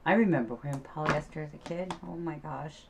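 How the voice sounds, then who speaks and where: A middle-aged quilting vlogger chats casually about her sewing as she works, humming and singing to herself along the way. Her voice is low and brisk with vocal fry, and there's background noise.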